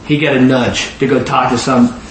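A man preaching and telling stories, animated, often repeating words and acting out the people he describes. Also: medium pitch, normal speed, echoey room, a little hiss or hum, low-quality recording. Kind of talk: storytelling sermon.

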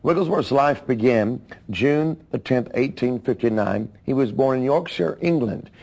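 A man speaks at an ordinary pitch, telling a life story in the manner of a sermon. He tells it in a measured way, adding his own comments as he goes. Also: animated, gravelly, dark tone, low-quality recording. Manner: measured storytelling, with asides to listeners. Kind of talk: biographical sermon narration.

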